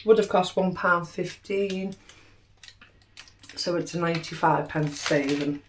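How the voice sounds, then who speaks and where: A middle-aged British woman vlogs her grocery haul, chatting casually and cheerfully adding up prices and savings. Her fairly low voice is unhurried with long pauses, and the recording has a roomy echo, a distant mic and faint noise.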